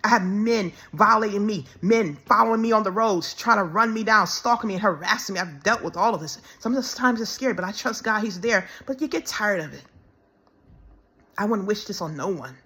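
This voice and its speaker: A woman speaking in an emotional personal monologue, halting and repeating words, close to tears as she pleads. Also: mid-range voice, a bit bright. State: tearful, close to crying. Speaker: self-described minister.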